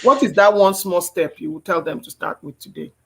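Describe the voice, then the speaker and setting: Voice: medium pitch, a little fast, husky. A host running a talk, encouraging and affirming the speaker with eager interjections. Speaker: host of an online summit. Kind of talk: hosting a talk.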